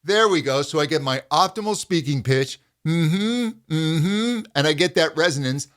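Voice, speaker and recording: A middle-aged vocal coach gives a voice lesson at a brisk pace, calmly explaining and demonstrating hums and pitch slides.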